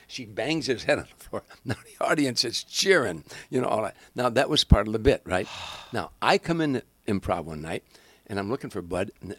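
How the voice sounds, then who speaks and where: Older man telling animated comedy stories. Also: on the low side. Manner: animated, acts out voices, frequent restarts. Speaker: guest comedian. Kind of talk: casual anecdotal storytelling.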